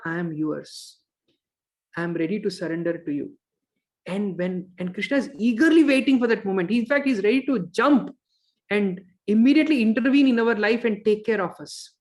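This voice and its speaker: A man teaching a scripture class, telling a devotional story with pauses and fillers and acting out the characters' lines. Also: sits high, a little mellow. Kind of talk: storytelling lecture. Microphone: online course recording.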